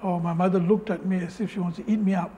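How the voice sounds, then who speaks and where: High-voiced Malaysian man telling his story. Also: fairly even intonation, fast talker, warm tone, slight background noise. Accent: Malaysian English. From Malaysia, Penang. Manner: earnest, emotional storytelling with broken, repeated phrases. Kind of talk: personal story speech.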